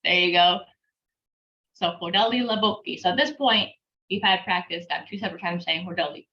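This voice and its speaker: A woman teaching an online language class, patiently breaking words into syllables and repeating them slowly, with a light laugh now and then. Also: lowish voice, slight background noise. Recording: dull lo-fi class recording.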